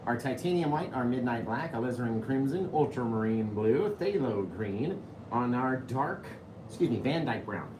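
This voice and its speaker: A man's voice: medium pitch, lively intonation, normal speed, roomy sound, noisy background. Chatty man teaching painting. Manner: chatty, keeps asking "right?"; laughs easily while talking. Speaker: painting instructor. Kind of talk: live painting tutorial.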